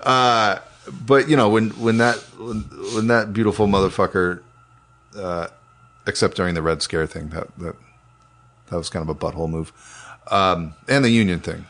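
This man, an animation producer co-hosting a podcast, has a deep, steady voice with a fairly bright tone and a moderate pace. He chats casually and enthusiastically, swearing often and rambling with many restarts.

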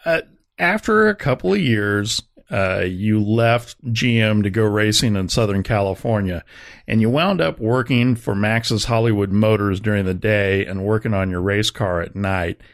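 A man's voice: on the low side, moderate pace, no room sound, clean studio sound. A man hosting a radio show and putting conversational questions to a guest. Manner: prompting, conversational. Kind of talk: interview questions.

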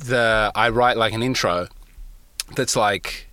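Aussie guy talking fast and jokey from his car, super bright voice, dry sound. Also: on the low side, clean tone, dry recording. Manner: quick, animated, jokey. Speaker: podcast co-host. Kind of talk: casual chat. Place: inside a parked car.

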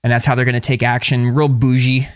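A man co-hosting a podcast in casual chat, relaxed and rambling with many fillers. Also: medium pitch, fast talker, dry recording. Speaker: podcast co-host.

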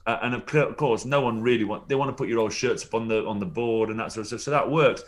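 Speaking fast in a medium-pitched voice, a former rugby player tells rambling anecdotes during a casual interview, chuckling and restarting often.

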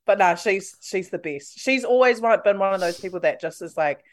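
A young woman, chatting casually as a podcast guest, chatty and quick to laugh, with lots of fillers. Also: mid-range voice, animated. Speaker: radio host, podcast guest. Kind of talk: casual chat.

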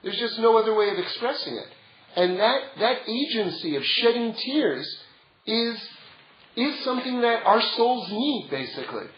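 High-voiced man teaching a Torah class. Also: big pitch swings, normal speed. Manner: conversational, builds to emphatic. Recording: roomy, dull lo-fi sound.

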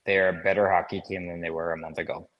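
A man's voice: low voice, little pitch movement, fast, dull audio. A man co-hosting a hockey podcast in casual chat, joking and self-deprecating and laughing often. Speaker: podcast co-host, former hockey player.

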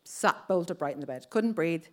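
A woman's voice: lowish voice, animated, normal speed. A woman in her thirties with an Irish accent, telling a personal story on stage and acting out other people's lines. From Ireland.

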